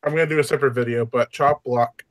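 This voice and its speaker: A man's voice: mid-range voice, fairly even intonation, no echo. Laughing, hesitant male stream host. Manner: laughs often, halting with ums. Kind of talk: casual live-stream chat.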